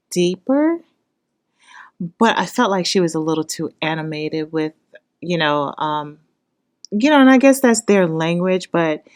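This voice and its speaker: A woman giving casual, emotional reaction commentary on a reality show, recapping scenes and breaking into loud exclamations and cursing. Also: lowish voice, clear, resonant tone. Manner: emotional, exclaims loudly, curses, shifts from hushed recap to excited outbursts. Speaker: reaction vlogger.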